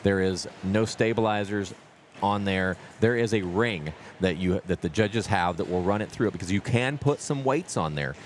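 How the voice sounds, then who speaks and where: A man's voice: low-pitched, moderate pace, slight background noise. A man co-hosting a live stream at an archery competition, joking and explaining the equipment, often repeating himself. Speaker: co-host of an event live stream. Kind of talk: casual chat and event commentary.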